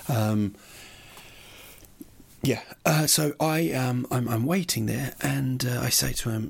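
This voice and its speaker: A man's voice: medium pitch, slow pace, gravelly, long pauses, breathy edge. A man, a comedian, telling a rambling, sweary comic story that keeps getting more worked up.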